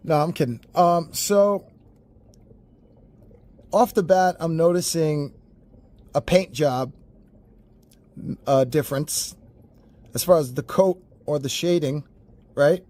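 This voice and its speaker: A man with a slightly higher voice runs a casual toy unboxing review. He talks straight to his viewers, swearing freely and ranting in an animated, exasperated way. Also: slow, pauses often. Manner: animated, profane, exasperated rants.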